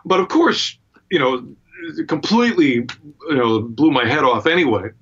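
A male guitarist being interviewed, telling anecdotes with a relaxed, wry humor. He talks from his studio at a middling pitch, and the sound comes through a bit dull and lo-fi. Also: moderate pace, breathy edge. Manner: laid-back, wry storyteller. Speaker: guitarist and guest.

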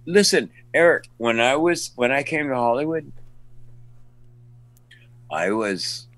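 Animated male actor telling stories. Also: on the high side, normal speed, no room sound. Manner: animated storyteller, acts out fans, stammering restarts. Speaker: actor guest. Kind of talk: casual interview storytelling.

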